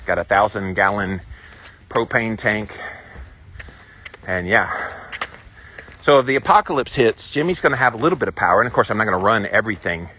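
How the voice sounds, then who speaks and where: A Southern man in his forties talks through a casual walk-and-talk, rambling and upbeat as he answers viewers. His voice sits fairly low yet sounds bright and forceful. Faint outdoor noise hums behind him. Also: expressive, a little fast, pauses often. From South Carolina, US. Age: 40s. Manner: chatty, rambling and upbeat while walking. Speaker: vlogger answering live viewer comments. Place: outdoors on a hilly walking trail.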